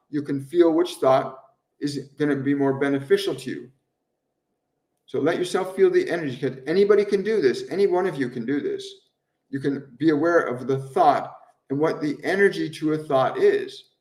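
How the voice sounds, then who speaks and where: A gentle, earnest man with a slightly raised pitch speaks a little away from the mic in a roomy, echoing space. He repeats his phrases over and over for emphasis as he answers viewers on a live stream, with the occasional soft laugh. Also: recorded from a distance. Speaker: spiritual medium hosting a live stream. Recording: roomy echo, voice somewhat off-mic.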